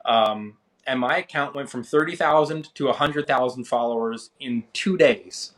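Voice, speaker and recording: A man in his thirties, an interview guest, telling his story in a casual, animated way and acting out what others said. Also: normal speed. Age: 30s. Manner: animated, acts out quoted people with rising pitch. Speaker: interview guest, finance creator.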